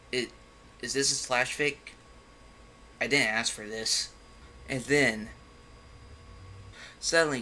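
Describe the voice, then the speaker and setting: Man, bright voice, fairly high, mocking, exasperated, faint room ambience. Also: a little hiss or hum. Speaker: comedic fan fiction reader. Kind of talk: sarcastic dramatic reading with commentary.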